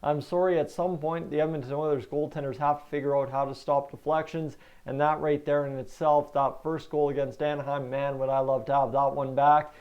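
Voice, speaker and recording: A man with a Canadian accent hosting a hockey vlog, giving chatty, animated commentary straight to his viewers. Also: a little high, a little fast, hardly any pauses, clear, resonant tone, highs cut off. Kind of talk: casual sports commentary.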